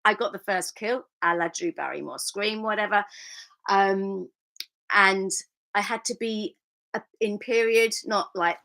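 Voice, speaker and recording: A woman's voice: medium pitch, measured pace, creaky, pushed and bright. A middle-aged woman, an actress chatting candidly with fans as she reads out their comments, laughing often. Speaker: actress hosting a live fan Q&A. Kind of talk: casual chat reading viewer comments.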